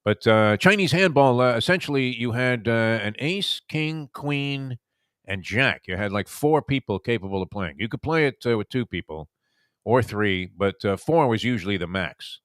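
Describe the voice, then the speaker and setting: A man's voice: fairly low pitch, moderate pace, a bit bright, dry recording, studio quality. A man from Brooklyn, hosting a casual sports talk show and telling long, rambling stories. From Brooklyn, New York. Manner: rambling, reminiscing storyteller. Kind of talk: casual sports radio chat.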